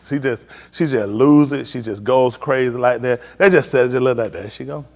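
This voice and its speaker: A man's voice: mid-range voice, normal speed, a little mellow. An older man hosting a live stream, telling joking stories in casual chat and mimicking other people's voices.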